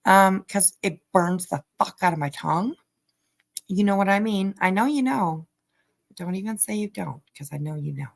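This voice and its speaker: A woman's voice: medium pitch, normal speed, vocal fry, no echo. A woman hosting a livestream, chatting casually with her viewers and reading their comments. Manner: chatty, laughing, talks to chat while eating. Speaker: livestream host.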